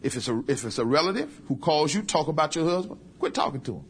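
Folksy preaching man, somewhat high voice. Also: big pitch swings, quick pace, slight background noise. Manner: humorous, folksy preaching with acted asides. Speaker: pastor. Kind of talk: sermon.

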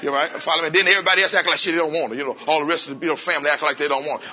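A man preaching an interactive sermon, coaxing answers from the congregation and repeating phrases in quick call-and-response bursts. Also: on the high side, steady tone, bright, forceful tone, some chatter behind. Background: congregation voices and laughter.

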